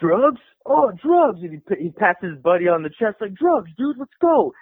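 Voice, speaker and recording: Man doing a drunk dreadlocked hippie dude, high and slurred, phone-line sound. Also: big pitch swings, a little fast, slightly rough, no room sound, heavily acted. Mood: eager. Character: drunk crusty male hippie with long dreads. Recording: tinny phone-line radio call.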